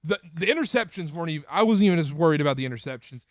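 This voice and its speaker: A man's voice: a little high, expressive, very fast, dry recording, studio quality. A man hosting a casual sports podcast, talking emphatically and repeating his points. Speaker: podcast host.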